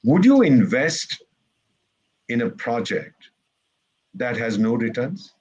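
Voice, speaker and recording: A man from India, a retired ambassador, speaks slowly on a discussion panel in a medium-pitched voice that is husky, a little mellow, and very animated, with the highs cut off. Wry and sarcastic, he tells stories and acts out quoted remarks in lively panel talk with jokes and quoted asides.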